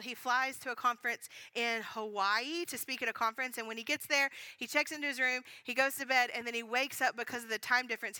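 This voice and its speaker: Bright-voiced woman preacher telling a story. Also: on the high side, no echo, rough recording. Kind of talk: sermon storytelling.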